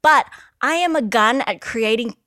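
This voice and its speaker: A young woman guest chatting casually on a podcast, animated and frank, laughing often. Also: on the high side, measured pace, dry recording, studio quality. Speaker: guest, content creator. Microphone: podcast microphone.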